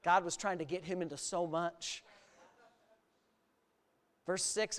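A male pastor preaching an animated sermon, exclaiming often and laughing through his stories. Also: high-pitched, slow pace, pauses often.

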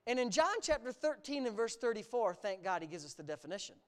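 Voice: mid-range voice, sing-song, quick pace, clean tone. A preacher from the United States delivering a sermon, talking emphatically, stretching words for emphasis and adding sarcastic asides.

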